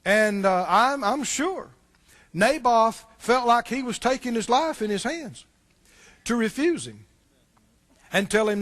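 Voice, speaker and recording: A man with a strikingly high voice preaches to his congregation. He talks in a relaxed, conversational way, keeps asking the listeners questions, and repeats words as he restarts a thought. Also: a little slow. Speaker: pastor. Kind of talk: sermon.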